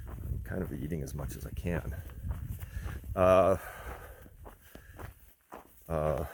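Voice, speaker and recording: A man hiking outdoors and talking into his camera, rambling and reflective with lots of pauses and fillers. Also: low voice, background noise. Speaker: long-distance hiker vlogging. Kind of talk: casual spoken trail diary.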